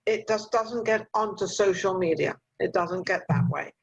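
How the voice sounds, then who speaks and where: A woman's voice: medium pitch, moderate pace, gravelly, slightly rough. Chatty older woman giving advice on a call. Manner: chatty, motherly advice with fillers. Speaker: talk show host. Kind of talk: casual interview over video call. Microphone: video call. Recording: muffled video call audio.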